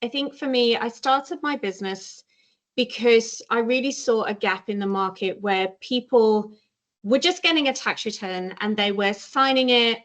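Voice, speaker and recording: A British accountant speaks to a webinar audience over a video call. Her voice sits a little high, and her friendly, light-hearted tone keeps the talk easy. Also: moderate pace, a bit bright, muffled recording. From Britain. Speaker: guest speaker, chartered accountant. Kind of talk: webinar presentation.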